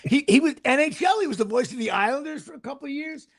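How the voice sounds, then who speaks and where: Gravelly high-voiced New man. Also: fast talker. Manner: rambling, excitable, stumbles and restarts. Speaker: podcast host. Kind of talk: casual sports chat.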